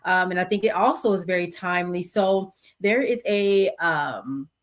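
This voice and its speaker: A woman's voice: lowish voice, normal speed. A middle-aged American woman hosting her own podcast, talking casually with many fillers and asides. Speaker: podcast host. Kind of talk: casual solo podcast talk.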